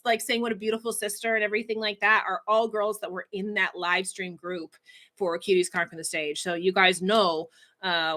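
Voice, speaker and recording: A woman's voice: fairly low pitch, bright, forceful tone. A woman hosting a casual livestream announcement, emotional and laughing as she chokes up reading comments. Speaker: livestream host, coach.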